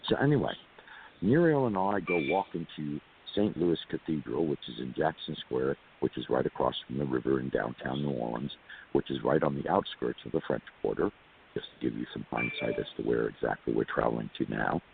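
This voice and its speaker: A Californian man, speaking as an interview guest, rambles through a long personal story with repeated words and asides to listeners. His voice rumbles low and is a little creaky, with lively intonation and a slightly fast pace, heard over a tinny, hissy phone line.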